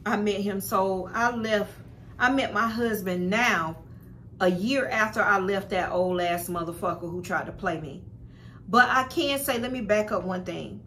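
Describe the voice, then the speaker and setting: A woman's voice: medium pitch, fairly bright tone, a little hiss or hum. A young woman telling a personal story to her viewers in a blunt, profane, casual way, often calling them y'all. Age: young adult. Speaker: spiritual vlogger.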